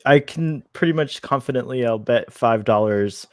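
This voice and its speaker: A man's voice: medium pitch, normal speed, dry recording, studio quality. A man hosting a casual live-stream chat, talking like an eager fan who laughs often. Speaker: show host.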